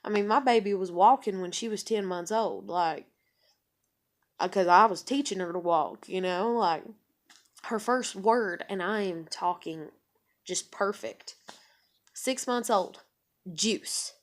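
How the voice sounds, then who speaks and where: Woman venting on her vlog, rambling, cusses a lot, middle pitch. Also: slow, long pauses. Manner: frank and rambling, swears freely. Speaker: vlogger. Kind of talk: candid personal vlog.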